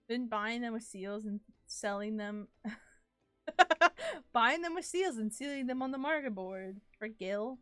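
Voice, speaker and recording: A woman's voice: fairly high pitch, expressive, slow pace, pauses often, fairly bright tone, dry recording, faint music behind. A woman streaming a game live, chatting playfully with her viewers and laughing often. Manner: chats to viewers while playing. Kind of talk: casual live-stream gaming chat.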